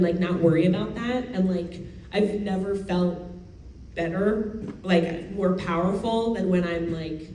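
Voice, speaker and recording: A woman's voice: medium pitch, a little mellow, a little hiss or hum. Chatty woman on a roomy convention panel. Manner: chatty, laughing, lots of fillers and restarts. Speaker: actor answering fan questions at a convention panel. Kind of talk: casual panel Q&A. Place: convention hall. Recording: roomy hall audio from a far mic with faint ambience.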